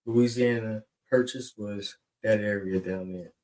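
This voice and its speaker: A man's voice: lowish voice, fairly even intonation, measured pace, a little mellow, rough recording. A man co-hosting a podcast, rambling and teasing in casual chat. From New York. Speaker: podcast co-host.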